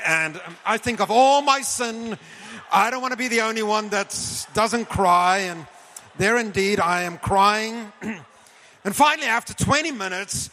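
A man telling a story in an animated sermon, often calling his audience folks and clearing his throat. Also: high-pitched. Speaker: preacher. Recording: long hall reverb.

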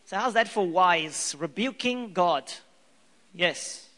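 A male pastor preaching a sermon in an animated, playful way, acting out scenes from scripture, in an echoey hall. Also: high-pitched, moderate pace.

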